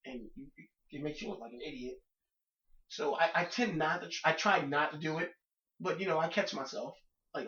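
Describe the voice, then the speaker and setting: A man hosting a casual solo podcast, ranting loudly and acting out other people's voices, sneezing now and then from allergies. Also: on the high side, normal speed, roomy sound, dull audio. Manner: loud animated storytelling, acting out other people. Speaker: podcast host.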